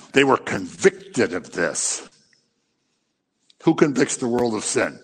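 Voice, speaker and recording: A man's voice: medium pitch, big pitch swings, takes it slowly, vocal fry, husky, in a large hall. A man preaching a sermon, impassioned and scolding, who acts out little scenes as he goes.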